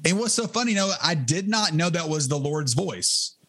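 A man in middle age tells his story with fervent conviction, his voice sitting a little higher than most men's. He talks conversationally, stumbling and restarting phrases as he goes. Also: lively intonation, normal speed, a bit bright. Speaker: interview guest, ministry leader. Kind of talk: testimony in conversation.

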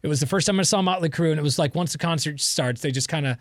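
A man's voice: on the high side, quick pace, no echo, clean studio sound. A man co-hosting a podcast in casual chat, swearing freely and laughing often. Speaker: podcast co-host.

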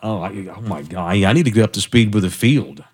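Lively joking male radio host. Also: lowish voice, brisk, breathy edge. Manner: lively, joking, self-deprecating. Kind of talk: casual sports radio banter.

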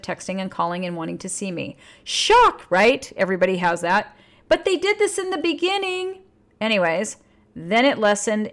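Woman relationship coach, candid and blunt, swearing freely, lively emphatic delivery. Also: lowish voice, gravelly. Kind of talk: casual advice monologue.

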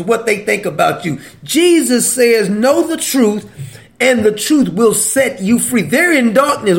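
A man giving an informal Bible teaching, animated and folksy, laughing often between verses. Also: sits high.

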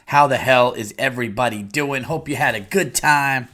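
A middle-aged man hosting his own podcast, talking loosely and profanely with plenty of fillers. His voice sits in a middle pitch with a bright, forward edge. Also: moderate pace. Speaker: podcast host. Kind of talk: casual solo podcast chat.

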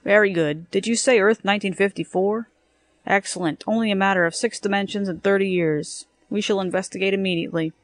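A woman's voice: medium pitch, steady tone, fairly quick, natural voice. Woman voicing a dry officious policeman.

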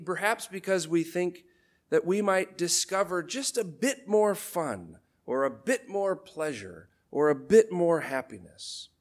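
Slow, animated male preacher. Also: high voice. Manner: slow, measured preaching with dropping emphasis. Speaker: priest. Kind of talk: sermon.

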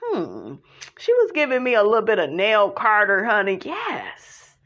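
A woman with a bright, forceful voice that swoops up and down as she tears through a reality show recap. She is sassy and blunt and swears freely, and the sound is a little dull and lo-fi. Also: medium pitch, wildly swooping pitch, measured pace. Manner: sassy, blunt, profane, keeps calling the viewer "honey" and "child". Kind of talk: animated casual commentary.

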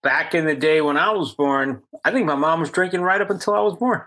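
A man's voice: a little high, brisk, bright, forceful tone. A man co-hosting a podcast in casual chat, teasing and laughing often. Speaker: podcast co-host.

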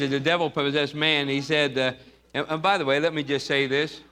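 A man's voice: fairly high pitch, sharp tone. A man preaching an emphatic sermon in church, repeating his points and acting out Bible figures. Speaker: pastor.

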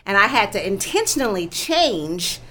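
Lively bright-voiced woman guest. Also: medium pitch, normal speed. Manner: animated, expressive storytelling, laughs easily. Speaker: guest, founder of a kindness campaign. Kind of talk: talk show interview.

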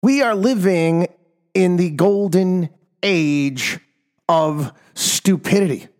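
Exasperated ranting male talk host. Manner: ranting, exasperated, swings from loud outbursts to low mutters. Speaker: radio talk show host. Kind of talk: opinionated monologue.

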